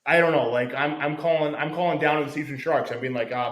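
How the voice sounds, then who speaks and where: A man co-hosting a casual sports podcast, talking in a rambling, excitable way and swearing freely. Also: fairly high pitch, fast talker, few pauses. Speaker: podcast co-host. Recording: echoey room.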